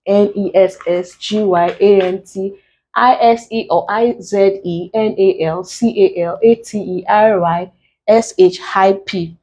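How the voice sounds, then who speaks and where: Slow, deliberate Nigerian woman teacher. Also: mid-range voice, a little mellow, rough recording. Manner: slow and deliberate, spelling out letters. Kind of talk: exam-prep lesson.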